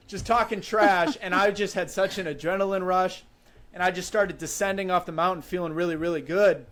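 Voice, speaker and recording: On a podcast, a Wisconsin man in his twenties tells a story in a high-pitched voice at moderate speed. The delivery is vivid and laid-back, with plenty of "like" and "you know."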